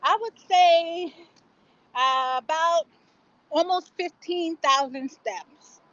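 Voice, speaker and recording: A woman's voice: very high voice, takes it slowly, a bit bright, dry recording, lo-fi sound. A woman guest chatting cheerfully while walking outdoors. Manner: cheerful, laughing easily. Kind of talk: casual chat while walking. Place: outdoors on a city walk.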